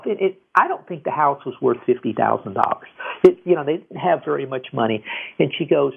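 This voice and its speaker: A man's voice: on the high side, lively intonation, brisk, creaky, breathy edge. A man hosting a financial advice call-in radio show in a casual, rambling way, with many repeated restarts. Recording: tinny phone-like radio audio.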